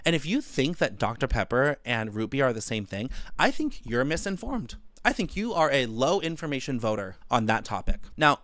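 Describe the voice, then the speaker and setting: Male comic, twenties, ranting monologue, loud animated swings, mid pitch, dry sound. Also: no echo. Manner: animated, profane, exaggerated outbursts. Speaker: comedian. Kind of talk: comedic rant monologue.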